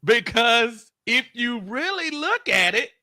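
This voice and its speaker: A man co-hosting a casual sports talk show, halting and repeating his words as he argues a point. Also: very high-pitched, very animated, bright, forceful tone. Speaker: co-host.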